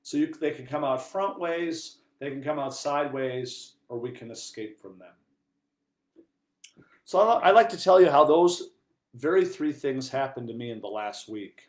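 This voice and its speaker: A priest giving an earnest sermon, moving between quiet, hushed passages and loud, emphatic ones. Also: male voice, medium pitch, expressive, normal speed. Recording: echoey room.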